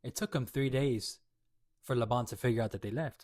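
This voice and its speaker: Guy reading a bible chapter then explaining it all casual and rambly, mid pitch, dry close sound. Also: brisk, darkish tone, no room sound. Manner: reads a verse then retells it in slangy everyday words; loose and rambling, many fillers and restarts.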